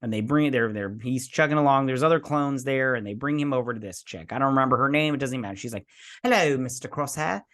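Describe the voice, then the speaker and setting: A man's voice: medium pitch, quick pace, few pauses, fairly bright tone. Rambling male show reviewer. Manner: rambling, loose play-by-play with sound effects. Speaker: host. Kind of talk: casual episode recap and review.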